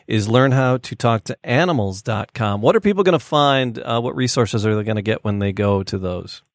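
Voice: medium pitch, lively intonation, fairly quick, no echo. Easygoing podcast host, dry sound. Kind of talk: casual chat.

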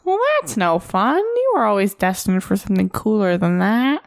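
A woman with a higher, heavily gravelly voice plays her character at a game table. Her pitch swings in a lively way as she teases and complains with theatrical flair. The recording sounds dry and close. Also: normal speed, dry recording. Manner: teasing, dramatic complaining. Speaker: player.

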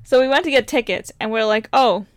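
A young woman recounting a trip in relaxed casual chat, laughing now and then. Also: fairly high pitch, quick pace, clean tone, dry recording, studio quality. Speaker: travel storyteller.

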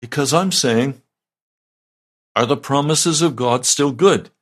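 An older man, a pastor, giving a slow, deliberate, conversational sermon. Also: medium pitch, a bit bright.

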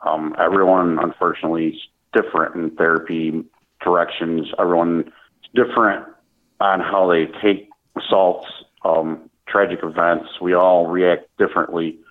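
A man with a very deep voice speaks earnestly and haltingly, often restarting his phrases. He is heard over a thin, tinny phone line. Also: level tone. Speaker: guest, speaker at military events. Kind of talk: conversational interview.

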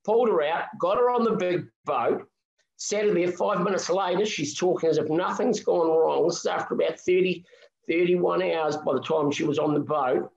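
A man's voice: high voice, moderate pace, vocal fry, echoey room, dull audio. A middle-aged man, a marathon swimming guest telling an emotional story in a podcast interview. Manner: animated, emotional storytelling with restarts.

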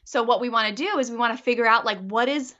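A woman working as a parenting coach, talking a caller through a problem in a chatty, animated way and acting out the quotes. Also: fairly high pitch, fast talker, highs cut off. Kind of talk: coaching call.

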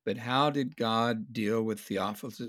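A man teaching in a conversational Bible study discussion, earnest and explanatory, slowing down to stress key points. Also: fairly low pitch, a bit bright, no room sound, studio quality.

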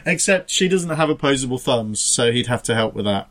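A man's voice: medium pitch, lively intonation, a little fast, fairly bright tone. Rambling man telling a joke. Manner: rambling, self-interrupting storyteller with stray laughs. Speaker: podcast co-host. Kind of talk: casual chat, joke telling.

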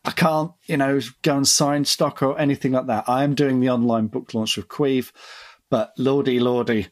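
A male author co-hosting a podcast while mildly ill. His voice is slightly husky, and he rambles in a relaxed, self-deprecating way. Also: mid-range voice, moderate pace. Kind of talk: casual podcast chat.

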